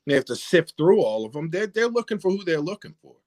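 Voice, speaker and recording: Talking fast in a dry recording, a man with a slightly high voice recounts a bar story in relaxed chat. He's a rapper guest, animated and frequently swearing, and he performs the other people's lines himself.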